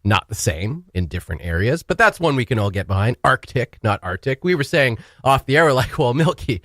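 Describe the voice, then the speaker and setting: A man co-hosts a radio show with a lively, expressive voice whose pitch moves a lot. He laughs easily and argues in good humor. The studio sound is dry and close. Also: a little fast, dry recording. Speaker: radio co-host. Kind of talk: casual radio banter. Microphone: studio microphone.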